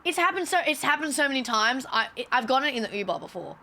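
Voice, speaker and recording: A woman chatting on a live stream, telling animated stories with a lot of swearing and laughter. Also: a little high, fast talker. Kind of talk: casual stream chat and storytelling.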